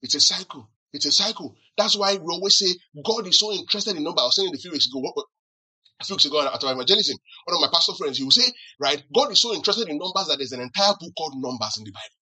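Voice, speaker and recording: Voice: mid-range voice, lively intonation, rapid-fire, bright, forceful tone, slightly rough, poor audio. A pastor preaching a sermon who keeps asking the congregation questions to answer back and teases them with acted-out examples. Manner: teasing humor with acted-out examples.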